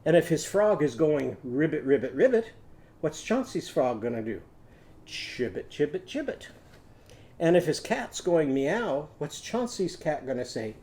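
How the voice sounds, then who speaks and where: A man teaching a phonics lesson to young children, telling a story in a gentle sing-song way and leading chants and hand motions. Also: fairly high pitch, big pitch swings, moderate pace, few pauses. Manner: leads call-and-response chants and hand motions.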